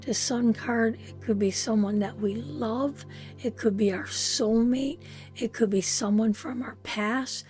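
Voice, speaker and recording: A woman's voice: on the high side, unhurried, darkish tone, faint music behind. A woman giving a live tarot reading, emotional and repetitive, calling the listener sweetheart. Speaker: tarot reader.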